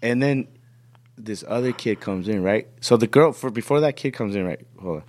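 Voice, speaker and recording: A man's voice: on the low side, moderate pace, background noise. A man casually telling a long story on a podcast, swearing freely and acting out the people in it. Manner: profane, rambling storytelling with quoted voices. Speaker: podcast host.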